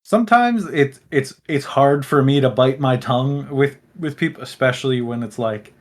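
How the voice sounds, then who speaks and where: A young man from Illinois talks casually on a podcast, rambling and blunt, dropping swear words freely. His voice sits at an ordinary middle pitch. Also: moderate pace. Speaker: podcast co-host. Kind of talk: casual chat.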